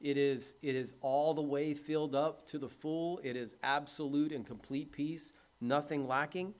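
A man's voice: on the high side, fairly even intonation, normal speed. A man preaching a sermon, emphatic, repeating his phrases and putting questions to the listeners.

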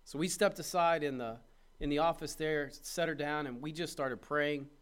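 A middle-aged man preaches from the pulpit in a fairly high voice. He drives his points hard and loud, then drops into a soft, tender tone. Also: moderate pace, clear, resonant tone. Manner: impassioned preaching, swings between loud urging and soft tenderness. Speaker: pastor. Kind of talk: sermon.

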